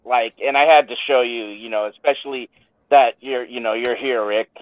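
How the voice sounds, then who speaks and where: Brief: relaxed male co-host from San Francisco, phone-thin and dry. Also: medium pitch, normal speed, no room sound. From San Francisco Bay Area. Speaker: podcast co-host. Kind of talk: casual chat. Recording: tinny phone-like line, dry.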